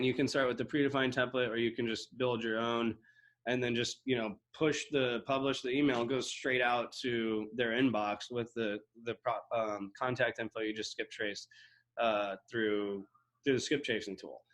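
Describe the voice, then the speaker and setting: A man giving a casual walkthrough of real estate software, rambling with lots of fillers and restarts. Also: medium pitch, steady tone, unhurried. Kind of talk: casual screen-share walkthrough.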